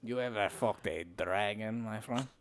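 A man's voice: on the low side, a little slow, pitched below the performer's own voice. A man voicing a brash, crude male zookeeper in a put-on mock French accent, drawling and blustering in an improvised comedy bit. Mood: crude, scheming. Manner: drawling, blustering, laughing at own jokes.

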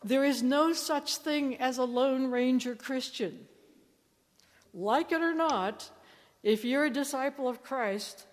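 A woman giving a sermon, telling the story in a lively way and acting out quoted lines. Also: sits high, slow pace. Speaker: preacher. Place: church. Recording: reverberant church hall.

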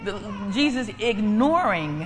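Lively woman preaching in an echoey hall. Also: mid-range voice, slow, faint music behind. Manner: emphatic, repetitive, conversational. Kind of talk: preaching with personal testimony. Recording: echoey hall, faint ambient noise.

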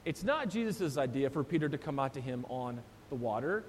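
A pastor preaching a sermon, retelling the story with animated voices for the disciples. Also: male voice, brisk. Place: church sanctuary. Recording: long church reverb, faint rumble.

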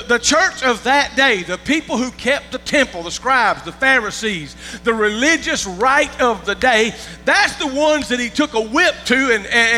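A high-pitched man preaches a folksy sermon, often stumbling over repeated words and asking if the congregation is with him. His voice is sharp and very bright, and it rings with long reverb over faint music and a mains hum. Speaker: pastor.

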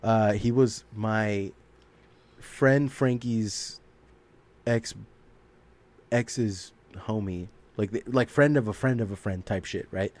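A man's voice: on the low side, slow, pauses often, darkish tone. A man co-hosting a podcast, talking in a rambling, profane way and laughing often. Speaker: podcast co-host. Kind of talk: casual chat.

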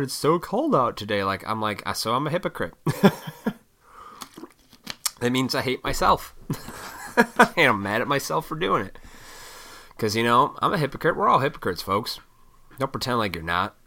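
A man ranting casually and profanely, mocking people with put-on high voices. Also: big pitch swings, normal speed, long pauses, pushed and bright. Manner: profane, sarcastic, mocks others in high voices. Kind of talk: casual rant.

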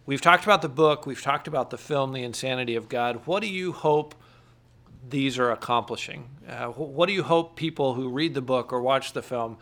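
A man's voice: mid-range voice, moderate pace, fairly bright tone. Earnest male interviewer. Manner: earnest, thoughtful, rephrases questions. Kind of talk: conversational interview questions.

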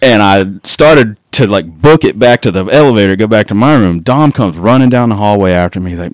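Low-voiced man telling a wild story. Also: lively intonation, fairly quick, few pauses, no echo. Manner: profane, laughing anecdote-telling. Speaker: guest. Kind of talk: casual storytelling.

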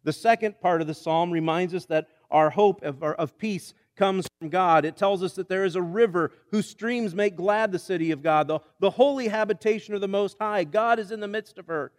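Man preaching in a reverberant hall. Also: high-pitched. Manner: conversational preaching with frequent restarts. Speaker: pastor. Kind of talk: sermon.

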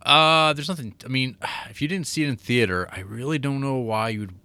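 A man's voice: medium pitch, normal speed, sharp tone. A young man co-hosting a casual podcast about movies, making dry, dismissive remarks. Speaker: podcast co-host.

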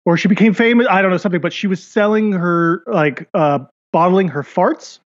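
A man's voice: high voice, a little fast, lo-fi sound. A man co-hosting a podcast, rambling and hesitant in casual banter and laughing often. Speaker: podcast co-host.

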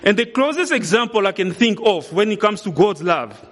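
A man preaching a solemn sermon in a church hall, speaking in a deliberate way. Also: high voice, sing-song, a bit bright. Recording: long reverb of a large hall.

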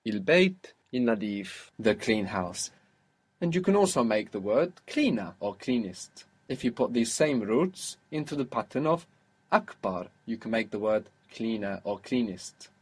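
A man's voice: fairly low pitch, very animated, unhurried, breathy edge. A man teaching a one-on-one lesson, explaining patiently and repeating words for the learner. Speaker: Arabic teacher.

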